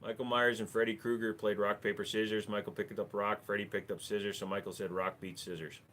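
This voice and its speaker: A man's voice: fairly low pitch, little pitch movement, fairly quick, fairly bright tone. Jokey livestream host man. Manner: dry, jokey, answers viewer questions. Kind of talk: casual live Q&A chat.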